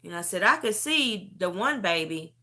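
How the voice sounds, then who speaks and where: A woman in her fifties giving an emotional religious testimony, earnest and halting, repeating herself, tearful at times. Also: mid-range voice, expressive, sharp tone.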